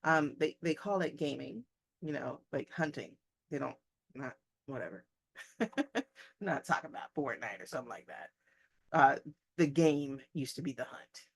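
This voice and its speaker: A woman's voice: low voice, expressive, a little slow, creaky, long pauses, breathy edge. A woman English teacher reading a short story aloud and breaking off for chatty, joking asides to her class.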